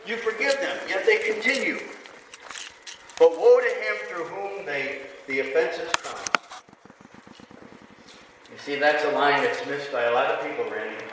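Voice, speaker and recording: High, bright-voiced man preaching in an echoey hall. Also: unhurried, pauses often. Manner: preaching with rising emphatic passages and rhetorical questions. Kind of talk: sermon. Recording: echoey hall from far off, faint room noise.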